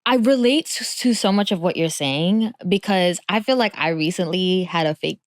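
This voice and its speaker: A woman's voice: lowish voice, normal speed, no room sound, studio quality. A young woman hosting a podcast, sharing her own experiences in casual, reflective chat and laughing often. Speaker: podcast host.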